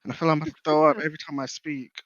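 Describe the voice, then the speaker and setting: A man trades blunt, slangy banter on a casual podcast, with no polish to how he talks. His voice sits a little higher than usual for a man. The sound is dull and dry, as if taken from a cheap mic in a dead room. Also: steady tone, very fast, fairly bright tone, no room sound.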